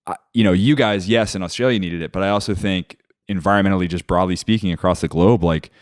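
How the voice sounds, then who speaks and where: A man's voice: low-pitched, quick pace, no echo, clean studio sound. A man hosting a podcast interview, talking in a supportive, enthusiastic way. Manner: enthusiastic, supportive, animated when recalling. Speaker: podcast host.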